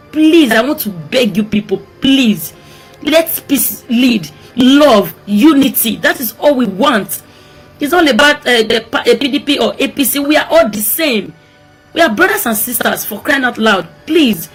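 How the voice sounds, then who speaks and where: A woman's voice: a little high, animated, a little slow, slightly rough, soft background music. A woman from Edo State with a Nigerian accent, making an emotional, pleading appeal for peace and repeating her words often.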